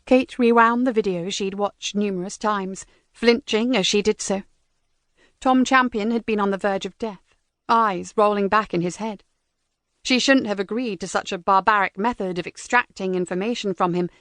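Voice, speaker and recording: A woman's voice: medium pitch, normal speed, a bit bright, no echo, studio quality. Woman narrating a crime audiobook. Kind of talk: scripted narration.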